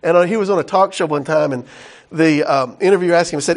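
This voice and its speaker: A male pastor giving a conversational sermon in a folksy, animated way, with exclamations and asides. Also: on the high side, quick pace.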